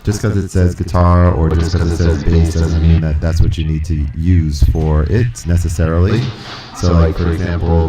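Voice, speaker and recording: A man casually talking through a music recording setup on a live stream, thinking aloud and correcting himself as he goes. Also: very deep voice. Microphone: studio microphone.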